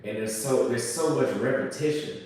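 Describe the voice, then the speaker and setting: A man's voice: mid-range voice, normal speed, a little mellow, far from the mic, slight background noise. Blunt crude man in an echoey room. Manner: blunt, crude and rambling, with mocking quoted voices. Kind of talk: casual chat.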